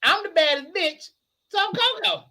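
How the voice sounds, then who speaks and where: A man chatting casually as a guest, an animated storyteller who laughs often and sounds a little tipsy. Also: very high voice, moderate pace. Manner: animated storyteller, laughs a lot, hoarse shouts when excited. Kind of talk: casual chat.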